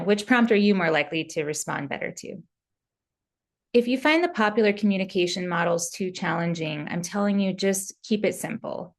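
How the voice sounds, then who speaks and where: A woman therapist with a lowish, gravelly voice gives relationship advice in an easygoing, candid way. She talks like she's chatting with a client, with fillers and sample phrases mixed in. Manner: casual, candid, with fillers and quoted example phrases.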